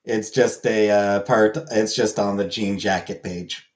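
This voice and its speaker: A man's voice: lowish voice, fairly even intonation, a little slow. A Canadian man with a Canadian accent, hosting a casual streamed chat in a rambling, joking way with frequent fillers. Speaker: streamer host.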